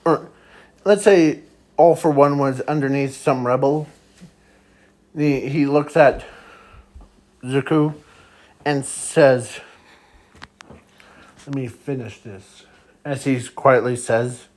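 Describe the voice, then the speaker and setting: A man improvising a fan story aloud in a rambling, halting way, often trailing off. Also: medium pitch, a little mellow, poor audio.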